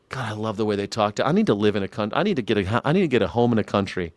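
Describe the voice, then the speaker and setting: A young adult man hosting a live news and culture commentary stream, loud and mocking, swearing freely and mimicking the clips he plays. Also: lowish voice, lively intonation, very fast, few pauses, no room sound.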